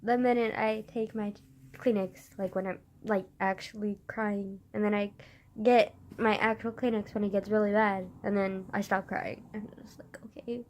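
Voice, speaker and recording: A woman's voice: medium pitch, steady tone, moderate pace, darkish tone. A young woman vlogging into her phone camera, tearful after crying, laughing through it and swearing casually. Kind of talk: emotional confessional vlog.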